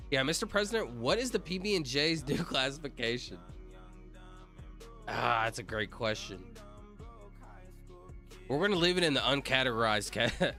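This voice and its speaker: A man's voice: mid-range voice, bright, forceful tone. A man casually chatting on a livestream, rambling and joking while reading viewer comments aloud. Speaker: streamer.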